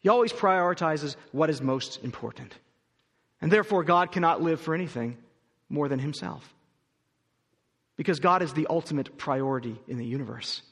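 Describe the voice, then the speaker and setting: High-voiced male pastor preaching in a hall. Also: expressive, moderate pace, fairly bright tone, slightly rough. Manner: emphatic, argumentative preaching with rhetorical questions. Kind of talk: sermon. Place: church auditorium. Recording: long reverb of a large hall.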